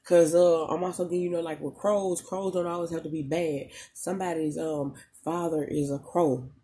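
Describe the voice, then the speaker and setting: Laid-back spiritual reader talking to viewers, warm low-key tone, chatty slang, lots of pauses. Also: steady tone, breathy edge. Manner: emotional at moments, talks straight to the audience. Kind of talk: casual channeled reading to viewers.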